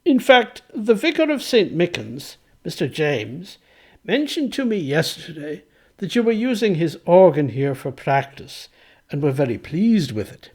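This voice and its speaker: A man's voice: fairly high pitch, husky, full character voice. A man voicing a wry, knowing old clergyman. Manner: knowing, unhurried, confiding. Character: frank, wry 18th-century Dublin clergyman, older man.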